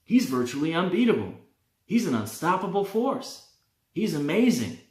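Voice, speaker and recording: A man's voice: sits high, big pitch swings, normal speed, darkish tone, reverberant, voice pushed up. A man putting on the voice of a cocky male wrestler who mockingly taunts his rival. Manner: mocking, sarcastic.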